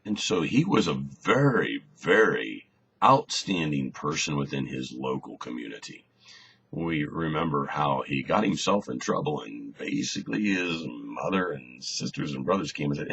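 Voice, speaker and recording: A man teaching a conversational Bible lesson, relaxed and thinking aloud, often repeating a word as he searches for the next one. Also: very deep voice, normal speed, creaky, husky. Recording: slightly dull recording with faint hiss.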